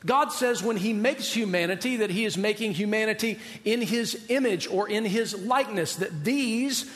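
A man's voice: high voice, normal speed, a bit bright, in a large hall. A man preaching a sermon in a conversational way, often asking the audience questions. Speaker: pastor.

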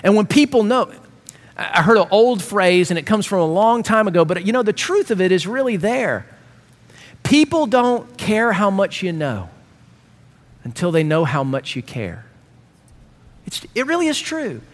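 A middle-aged male pastor preaching with a high, bright-edged voice that swoops up and down as he tells stories on himself. His delivery is lively and self-mocking, and it keeps rolling between playful asides and earnest points. An audience laughs faintly in the distance. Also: moderate pace. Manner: animated storytelling with self-mocking humor. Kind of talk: sermon.

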